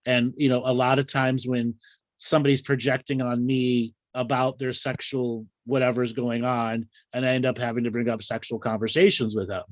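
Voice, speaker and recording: A man's voice: mid-range voice, little pitch movement, moderate pace, dry recording. A man hosting a casual live chat show, talking frankly and bawdily and laughing often. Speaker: host.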